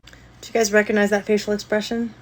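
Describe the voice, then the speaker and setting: A woman's voice: medium pitch, little pitch movement, brisk, slight background noise. A woman giving casual commentary on a video clip, explaining body language and laughing often as she goes.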